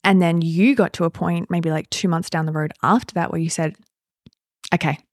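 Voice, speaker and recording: A woman hosting a podcast, telling a personal story in a candid, reflective way with soft fillers. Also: lowish voice, fairly even intonation, a little fast, no room sound, clean studio sound. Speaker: podcast host.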